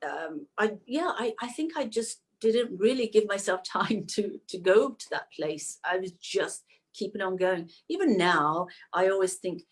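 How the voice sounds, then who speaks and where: A lively middle-aged woman talking about her acting life in a relaxed interview. Her voice sits at an ordinary middle pitch but jumps high whenever she gets excited, and laughter keeps slipping into her sentences. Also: a little slow. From Manchester, England. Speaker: actress, guest. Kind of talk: casual interview chat.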